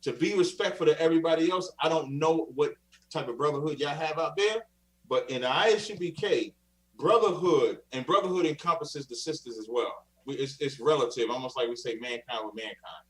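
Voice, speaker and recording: A man's voice: fairly high pitch, brisk, recorded from a distance, low-quality recording. A man arguing insistently in a heated live-stream debate, speaking in a preachy, sermon-like way.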